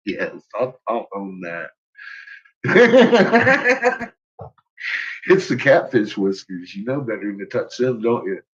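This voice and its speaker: A man's voice: medium pitch, huge pitch swings, very slow, pauses often, a bit bright, breathy edge, dull audio. A man livestreaming to his chat in a profane, rambling rant, laughing often. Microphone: own microphone.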